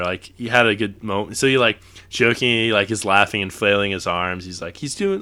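A man's voice: on the low side, moderate pace, hardly any pauses, sharp tone. A young man co-hosting a podcast, chatting casually about basketball in a rambling way, laughing and correcting himself as he goes. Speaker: podcast co-host. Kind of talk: casual sports chat.

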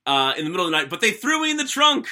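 A man voicing a young British man in a jokey, deliberately bad British accent, retelling a wild night in the first person. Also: sits high, big pitch swings, bright, forceful tone, exaggerated voice. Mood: playful. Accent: bad put-on British. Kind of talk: comedic first-person plot recap.

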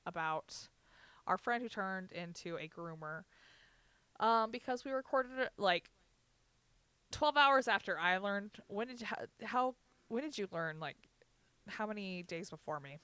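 A young woman co-hosting a podcast, telling a story in a heated, profane way and breaking into loud bursts of emphasis. Her voice is smooth and resonant. The sound is close and dry. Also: medium pitch, animated, unhurried, pauses often, no room sound. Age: 20s. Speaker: podcast co-host. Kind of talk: casual chat.

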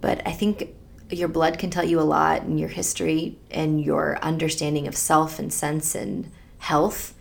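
A woman co-hosting a faith podcast, telling a personal story in an earnest, tender way with soft laughs. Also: sits low, flat delivery, unhurried, creaky. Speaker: podcast co-host. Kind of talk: reflective faith podcast conversation.

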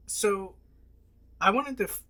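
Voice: mid-range voice, slow pace, bright, forceful tone. A podcast host chatting casually about a film, laughing often and trailing off mid-thought.

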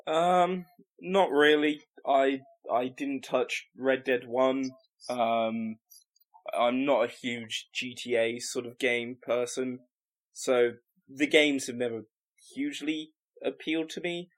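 A man's voice: mid-range voice, steady tone, takes it slowly. Panelist, male, medium voice, hesitant and short answers. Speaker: podcast panelist. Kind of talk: casual podcast chat.

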